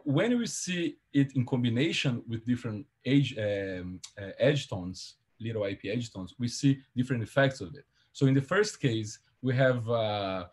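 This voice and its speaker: A man presents at an academic seminar, careful in his explanations, his medium-pitched voice slightly husky. Fillers slow him at points, and he corrects himself as he proceeds.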